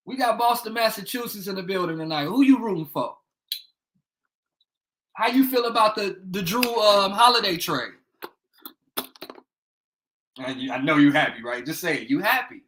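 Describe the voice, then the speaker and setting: A man's voice: high-pitched, sing-song, normal speed, pauses often, a bit bright, rough recording. Rambling man hosting a home livestream. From Indiana. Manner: loose, rambling and swearing, greets viewers by name. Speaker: livestream host. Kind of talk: casual live-stream chat. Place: bedroom at home.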